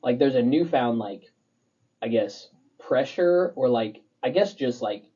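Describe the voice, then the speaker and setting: A man's voice: mid-range voice, animated, unhurried, mellow, husky, highs cut off. A young man and podcast co-host, talking casually and rambling through stories with lots of fillers. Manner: rambling, filler-heavy storytelling. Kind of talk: casual chat.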